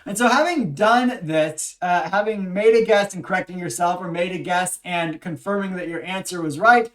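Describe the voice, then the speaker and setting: A language instructor giving a recorded lecture, patiently explaining and leading repeat-after-me drills with frequent pauses and fillers. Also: mid-range voice, a bit bright, far from the mic.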